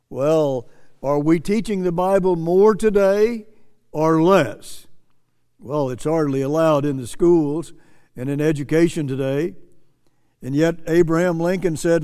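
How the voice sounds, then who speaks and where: A man's voice: a little high, steady tone, unhurried, mellow, clean tone, in a large hall. A man preaching earnestly, repeating phrases for emphasis and reading quotes aloud. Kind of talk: sermon commentary.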